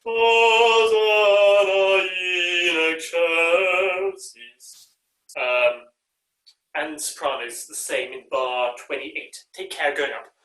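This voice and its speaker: A man directing an online choir rehearsal, often pausing with ums and uhs and singing short bits of the music to show how a phrase should go. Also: medium pitch, fairly even intonation, pushed and bright. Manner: demonstrates phrases by singing and speaking them; hesitant, with frequent ums and uhs. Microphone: video call. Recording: echoey room, far from the mic.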